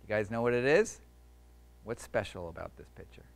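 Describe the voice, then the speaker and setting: A man's voice: on the low side, expressive, a little fast, creaky. A man who is an author and illustrator, chatting casually to a library audience and reading his own picture book aloud, often breaking off to ad-lib. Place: public library event.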